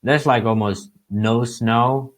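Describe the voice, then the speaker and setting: A young man from Finland, a guest chatting casually on a podcast in a relaxed way, with lots of filler words. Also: mid-range voice, slow. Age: young adult. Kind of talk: casual chat.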